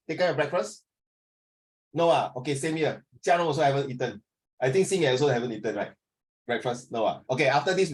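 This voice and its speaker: A middle-aged man, teaching an online class in a chatty, teasing way over a video call. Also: fairly high pitch. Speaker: English tutor.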